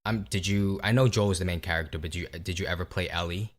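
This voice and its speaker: A man with a very low, deep voice talks through a laid-back podcast chat about video games. He teases his co-host and drops casual swears along the way. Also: quick pace. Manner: relaxed, teasing, swears casually.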